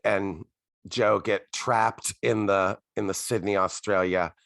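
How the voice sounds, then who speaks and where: A man's voice: lowish voice, fairly even intonation, takes it slowly, gravelly, fairly bright tone, dry recording, studio quality. A man co-hosting a casual podcast chat, sarcastic and wry, with some swearing. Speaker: podcast co-host.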